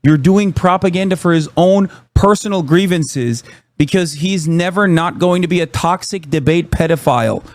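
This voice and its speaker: A man's voice: a little high, normal speed, no echo. A man live-streaming, ranting about chat trolls in heated, profane, sarcastic commentary.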